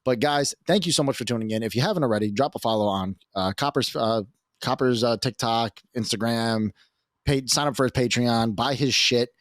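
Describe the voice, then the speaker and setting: Fast-talking, cocky male podcaster. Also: mid-range voice, a bit bright, no room sound, clean studio sound. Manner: rambling, profane, self-assured. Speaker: podcast co-host. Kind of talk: casual podcast chat.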